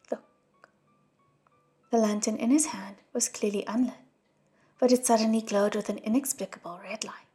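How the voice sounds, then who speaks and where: A woman reading a novel aloud as an audiobook narrator, with a soft, hushed delivery. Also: medium pitch, husky. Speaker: audiobook reader. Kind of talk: scripted narration.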